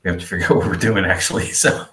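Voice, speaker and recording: A man's voice: deep voice, steady tone, very fast, bright, forceful tone, echoey room. A man co-hosting a podcast in meandering, chatty conversation, full of fillers. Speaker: podcast co-host. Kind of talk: casual podcast chat.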